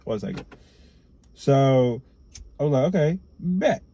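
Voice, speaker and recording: A young man telling a storytime to camera in a casual, profane way, jumping between loud outbursts and quiet asides. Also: medium pitch, sing-song, takes it slowly, breathy edge.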